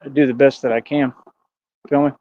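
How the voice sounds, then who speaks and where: A man's voice: medium pitch, flat delivery, brisk, warm tone, lo-fi sound. A man ranting casually on a livestream, rambling and aggrieved, slipping into preachy declarations. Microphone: streaming mic.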